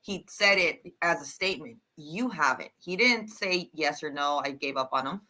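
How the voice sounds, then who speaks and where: A woman's voice: low-pitched, normal speed, pushed and bright. Blunt woman reacting to a TV episode. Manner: blunt, emphatic, disgusted reactions. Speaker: show co-host. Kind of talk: live casual TV recap chat.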